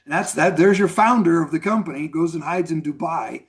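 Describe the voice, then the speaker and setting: Middle-aged male mentor, somewhat high voice, casual rambling storyteller. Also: fairly quick. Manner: rambling, repeats words, lots of "you know". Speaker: network marketing mentor. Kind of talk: casual storytelling on a video call.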